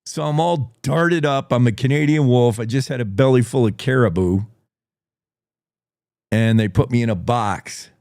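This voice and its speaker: A man's voice: mid-range voice, moderate pace, darkish tone, dry recording, studio quality. A man hosting a morning radio show, rambling and joking as he tells a story. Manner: jokey, rambling, plays a wolf in first person. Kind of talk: casual talk radio monologue.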